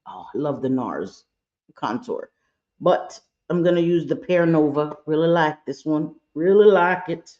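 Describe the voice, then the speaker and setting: Mellow-voiced woman doing a makeup tutorial. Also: deep voice, unhurried. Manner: candid, playful, chatty with sassy asides. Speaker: makeup vlogger. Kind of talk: casual makeup tutorial chat. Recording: dull, lo-fi home recording.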